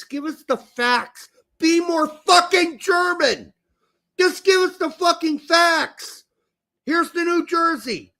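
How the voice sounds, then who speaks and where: A man's voice: very high voice, bright, forceful tone. A man co-hosting a soccer podcast, ranting crudely and sarcastically. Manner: crude, sarcastic, ranting, mock-emotional asides. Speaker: podcast co-host. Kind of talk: heated casual soccer rant.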